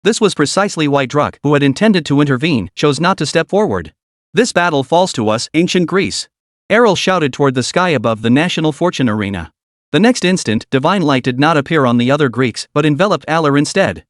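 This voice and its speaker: A man narrating a scripted story recap in an even storytelling delivery. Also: a little high, fast talker, no echo, studio quality.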